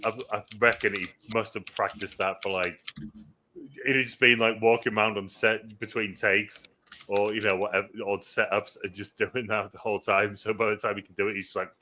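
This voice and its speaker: Male co-host, lowish voice with a sharp edge, relaxed and wandering, swears offhand. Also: normal speed, a little hiss or hum. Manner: laid-back, rambling, casual swearing. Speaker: film review podcast co-host. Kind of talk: casual film discussion.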